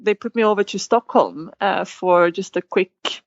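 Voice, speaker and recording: A woman's voice: mid-range voice, moderate pace, no echo. A woman guest in an interview, telling a story with animation and acting out quoted lines. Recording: dull, dry sound.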